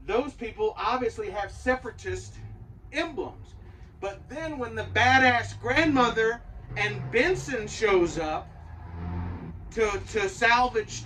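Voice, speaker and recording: A man with a rather high-pitched voice gives an opinionated, rambling show review, swearing freely. He sits some way from the mic. A faint hum of room noise runs underneath. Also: sharp tone, recorded from a distance, low-quality recording. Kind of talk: casual spoken review.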